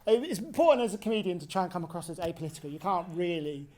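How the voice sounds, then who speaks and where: A woman's voice: on the low side, lively intonation, very fast, warm tone. A woman in her twenties doing a sweary stand-up set in a pub, ranting and tagging lines with "right?". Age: 20s. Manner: swearing, ranting, tag questions. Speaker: stand-up comedian. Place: pub venue.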